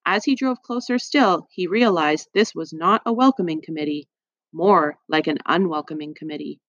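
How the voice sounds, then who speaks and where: A woman narrating a children's audiobook with lively storytelling. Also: deep voice, moderate pace, no echo, lo-fi sound. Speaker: audiobook reader.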